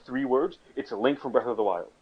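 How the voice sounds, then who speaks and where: A man's voice: medium pitch, fast, dull audio. A young man on a casual podcast chat, telling a story in a joking, rambling way and restarting his sentences. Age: young adult.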